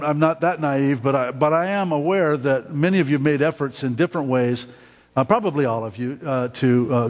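A middle-aged man preaching a sermon as pastor, halting and repeating words, often asking the congregation questions. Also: medium pitch, in a large hall. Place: church sanctuary.

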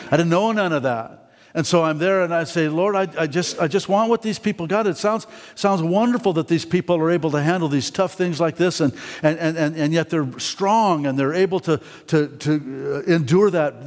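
A man's voice: mid-range voice, big-room sound. A man preaching a candid, folksy sermon testimony in church, often repeating words as he talks.

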